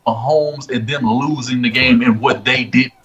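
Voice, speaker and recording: A man co-hosting a casual sports chat, emphatic and slowing down to stress his points. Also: medium pitch, steady tone, a bit bright. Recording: dull lo-fi remote line with faint hiss.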